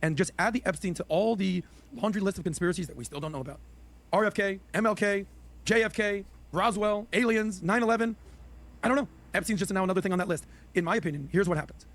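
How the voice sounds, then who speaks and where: A man on a political panel talking casually in a rapid-fire way. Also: high voice, fairly bright tone. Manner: rapid-fire, impressions of officials.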